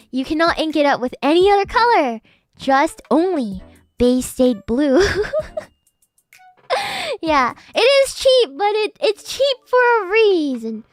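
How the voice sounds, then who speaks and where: A woman streamer chatting casually with her viewers, giggly and animated, with sudden excited outbursts. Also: extremely high pitch. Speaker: VTuber streamer. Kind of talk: casual livestream chat with viewers.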